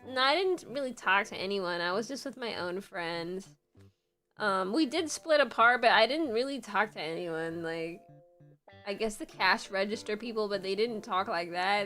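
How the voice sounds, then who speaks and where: A woman's voice: mid-range voice, a bit bright. A young woman from Puerto Rico chatting casually on a livestream, giggly and rambling with lots of fillers. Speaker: streamer.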